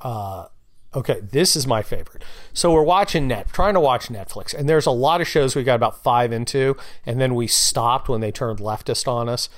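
Guy ranting on his podcast, sarcastic, cusses a lot, medium pitch, gets worked up telling a story. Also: moderate pace. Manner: blunt, sarcastic, swears freely; animated storyteller, gets louder with excitement. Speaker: podcast host and novelist. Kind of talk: casual podcast monologue.

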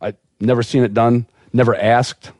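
Man spinning a lively yarn, dry sound. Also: medium pitch, moderate pace, no room sound. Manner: animated, laughing storyteller. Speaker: podcast guest, dog breeder. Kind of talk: casual storytelling on a podcast.

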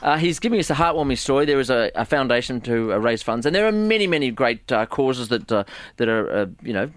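A man's voice: mid-range voice, animated, quick pace, no echo. A man co-hosting a podcast in casual chat, teasing his partner with jokes. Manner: joking, teasing. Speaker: podcast co-host.

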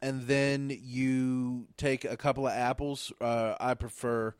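A man's voice: medium pitch, level tone, slow pace, clear, resonant tone, no room sound. A young man in casual chat, explaining step by step with many ums and restarts. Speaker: podcast co-host.

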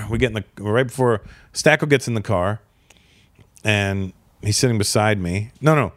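A man hosting a podcast, telling stories in a casual, animated way and acting out the people in them. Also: on the low side, normal speed, no echo, studio quality. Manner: animated, acts out voices in stories. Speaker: podcast host. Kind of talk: casual comedic storytelling.

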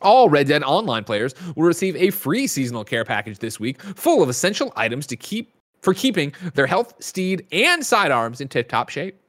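A man hosting a chatty news roundup, rattling off release lists with quick asides. His voice sits a bit high and bounces around a lot. He keeps it casual and lively. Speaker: show host.

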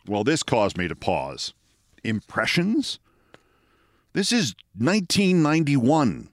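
A man in his sixties from the Bronx, with no regional accent, telling a scripted story as a host in a wry, deliberate manner. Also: medium pitch, big pitch swings, no room sound, studio quality. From the Bronx, New York. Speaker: host, commentator.

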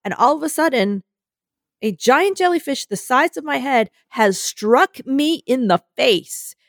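Woman, young adult, animated storytelling, mimics voices, dry recording. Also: sits high, unhurried, dry recording. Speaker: co-host. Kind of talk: casual storytelling chat.

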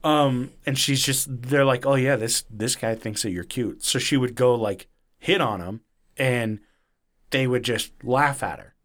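A man hosts a podcast in a casual, animated way. He swears often and throws himself into quotes with shifting voices. His pitch sits at an ordinary middle for a man. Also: a little slow. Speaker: podcast host. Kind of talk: casual storytelling chat.

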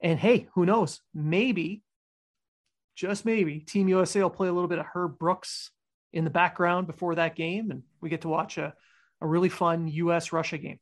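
A man's voice: on the high side, flat delivery, fairly quick. A man from Canada co-hosting a casual sports chat, blunt and casually swearing. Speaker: podcast co-host.

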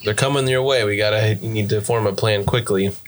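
An American man narrating and running a tabletop role-playing game as game master, chatty and quick to laugh. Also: fairly low pitch, fairly even intonation. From United States.

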